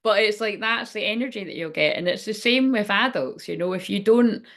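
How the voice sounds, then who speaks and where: A woman's voice: mid-range voice, brisk, a bit bright. Frank woman reading tarot. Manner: rambling, frank, swears freely. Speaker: tarot reader. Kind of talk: casual spiritual reading chat.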